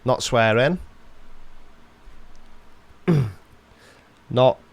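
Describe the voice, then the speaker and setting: A man's voice: medium pitch, drawn-out words, gravelly. A man with a Welsh accent hosting a casual live-stream Q&A, reading out chat questions and answering with dry, sarcastic humour.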